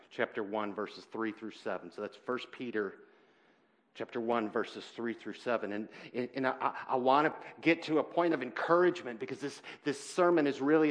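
A man preaching a sermon in church, earnest and halting, swinging between loud emphasis and quiet, heavy moments. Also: medium pitch. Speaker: pastor.

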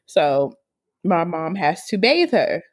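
A woman co-hosting a casual chat, telling a family story with lots of laughter, cursing and loud exclamations. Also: slow pace, breathy edge. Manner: animated, laughing often, swearing, high-pitched exclamations.

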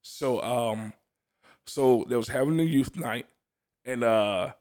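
A man's voice: medium pitch, slow pace, a little mellow. A young man sharing his personal testimony in a casual chat, telling it earnestly with frequent laughs. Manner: earnest storytelling, laughs often, restarts.

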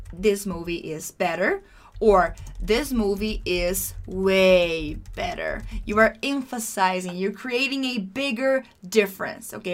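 A woman teaching English, explaining a class dialogue patiently and repeating key phrases for learners. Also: mid-range voice.

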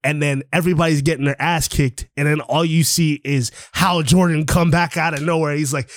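Male podcast host, slightly high voice, dry close sound; animated, profane, acts out the story's lines. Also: moderate pace, hardly any pauses, no room sound. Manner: animated, swears freely, acts out characters' lines. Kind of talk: casual retelling of a comic book plot. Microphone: online call.

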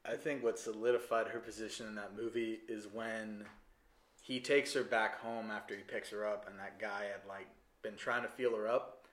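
A man co-hosting a casual podcast chat about a film, telling scenes with lively energy and acting out the characters' lines. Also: lowish voice, normal speed. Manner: animated storyteller who acts out scenes. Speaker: podcast co-host. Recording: roomy echo.

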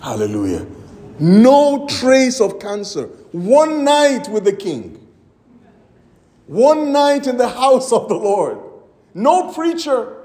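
A man's voice: very high-pitched, huge pitch swings, takes it slowly, mellow, roomy sound. A man preaching a sermon as pastor, telling a story with acted-out quotes and emphatic exclamations.

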